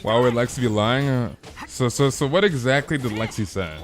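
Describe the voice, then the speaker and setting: A man streaming a game, chatting casually and rambling with repeated words. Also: moderate pace. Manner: rambling, repetitive, trails off low.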